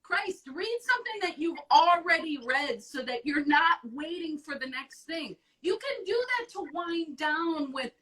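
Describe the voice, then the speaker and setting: A woman hosting an advice show in casual chat, blunt and profane, talking with animated emphasis. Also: extremely high pitch, unhurried, few pauses, recorded from a distance, poor audio.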